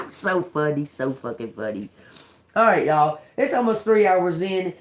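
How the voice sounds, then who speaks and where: Loud, laughing, foul-mouthed woman livestreaming. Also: moderate pace. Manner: loose, profane and animated, laughing often; swings between loud outbursts and low asides. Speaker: tarot reader and livestream host. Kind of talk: casual livestream chat and Bible reading.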